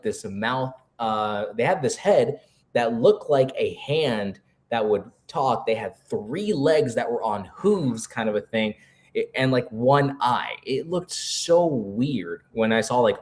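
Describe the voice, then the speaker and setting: A man co-hosting a live character-creation stream, chatting casually and rambling with lots of filler words. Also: mid-range voice. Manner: rambling, animated, full of "like" fillers. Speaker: co-host.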